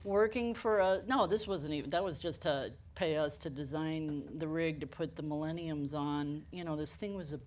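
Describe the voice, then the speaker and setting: A woman with a notably low voice tells her stories on a panel. She acts out the quotes with animated swings and laughs often, and there is a faint hiss under her voice. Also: normal speed, few pauses. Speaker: camera rental house manager. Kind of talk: panel discussion storytelling.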